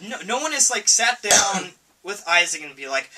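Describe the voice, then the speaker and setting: Male game reviewer, casual and stop-start, somewhat high, bright tone, recorded off-mic. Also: big pitch swings. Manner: halting, repeats words, frequent coughs and laughs. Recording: voice from far off the mic.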